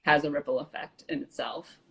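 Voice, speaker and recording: Casting: woman co-host, low pitch, easygoing filler-heavy chat. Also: fairly even intonation, a little fast, fairly bright tone, slightly rough, poor audio. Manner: casual, heavy on "like" and "um", laughs easily. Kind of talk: casual live-stream chat.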